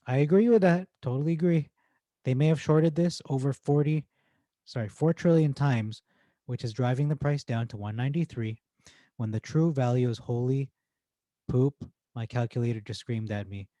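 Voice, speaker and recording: A man hosting casual stock-market commentary, reading forum posts aloud in an excitable, rambling way with frequent self-corrections. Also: mid-range voice, dry recording. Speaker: host.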